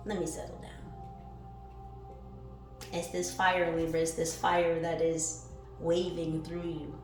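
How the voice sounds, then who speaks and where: A woman giving a spiritual card reading who swings between calm, musing questions and loud, fired-up exclaiming, reading affirmations aloud and swearing casually. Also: deep voice, slow. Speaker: tarot reader. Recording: echoey room with faint music behind.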